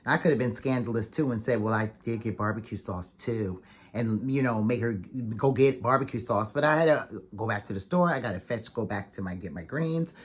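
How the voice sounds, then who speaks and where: A woman vlogger telling a story to the camera in a chatty, fast, animated way, full of "like"s and acted-out quotes. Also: rumbling low, slightly rough. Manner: chatty, fast-talking, animated retelling with many "like"s.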